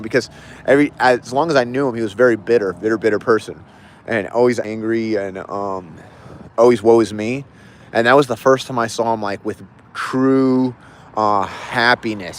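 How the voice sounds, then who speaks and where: A man hosting a casual livestream, telling a reflective story in a halting, rambling way with many restarts. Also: fairly low pitch, fairly even intonation, a little hiss or hum. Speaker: livestream host.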